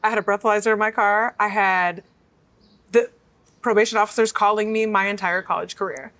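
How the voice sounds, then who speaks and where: A woman as an interview guest, telling her story in an animated, emotional way and acting out the voices of people she quotes. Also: mid-range voice, fairly quick, dry recording.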